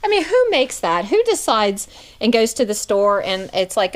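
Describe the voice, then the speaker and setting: A middle-aged woman reselling vintage goods, chatting casually to her viewers and often dropping into an excited hushed near-whisper. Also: medium pitch, unhurried, gravelly, pauses often. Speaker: vintage reseller showing inventory. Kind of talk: casual vlog chat.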